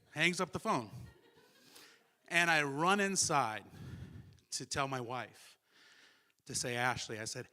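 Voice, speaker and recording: Man at a memorial service, heartfelt eulogy, bright clear tone, mid pitch. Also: lively intonation, moderate pace, long pauses. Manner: heartfelt, acts out remembered dialogue. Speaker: eulogy speaker. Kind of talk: memorial speech.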